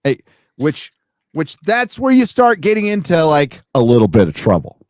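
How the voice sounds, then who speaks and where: A man's voice: a little high, wildly swooping pitch, normal speed, no room sound. A man hosting a casual chat, blunt and sarcastic, often swearing. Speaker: host.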